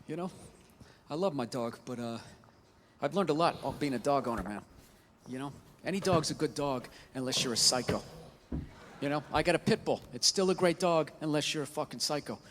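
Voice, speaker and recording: A man's voice: a little high, animated, a little fast, a bit bright, long reverb tail, slight background noise. A male stand-up comedian ranting in an exasperated, profane way during a live routine.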